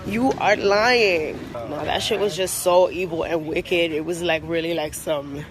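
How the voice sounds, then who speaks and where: An upset woman venting in an agitated, profane rant at an airport, her talk full of fillers as she tries to calm down. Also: sits low, moderate pace, a crowd in the background, poor audio. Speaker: vlogger venting after a flight. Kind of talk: angry phone vlog rant.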